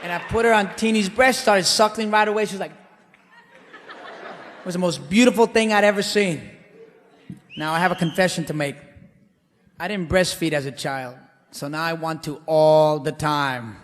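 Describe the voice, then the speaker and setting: A man performing a brash, animated stand-up monologue, swinging between loud outbursts and hushed asides. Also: high-pitched, moderate pace, pauses often, big-room sound, a faint crowd, a little hiss or hum. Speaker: comedian. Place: theater stage.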